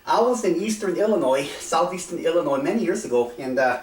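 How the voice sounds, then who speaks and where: Guy rambling to the camera, lots of uhs, voice kinda high, echoey room, mic a ways off. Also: expressive, fairly quick, distant mic. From South Texas. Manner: rambling, hesitant, many fillers and restarts. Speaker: vlogger. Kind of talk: casual monologue to camera. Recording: roomy sound, set back from the mic.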